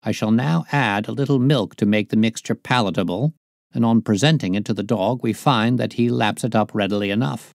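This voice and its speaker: A man's voice: fairly quick, creaky, dry recording, clean studio sound. A man reading aloud, voicing a brilliant and self-assured male detective in a raised, emphatic tone. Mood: patient. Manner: higher, louder, emphatic delivery.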